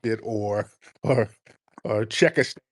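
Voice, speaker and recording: Dude hosting a call-in show, blunt and teasing, dry sound. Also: male voice, fairly low pitch, unhurried, slightly rough, no echo. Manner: brash, mocking, blunt. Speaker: host.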